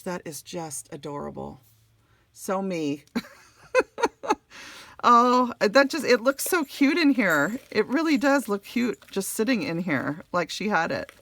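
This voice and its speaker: Casting: middle-aged woman, low gravelly voice, gushing casual unboxing host. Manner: gushing, warm thank-yous, many fillers. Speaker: crafting channel host.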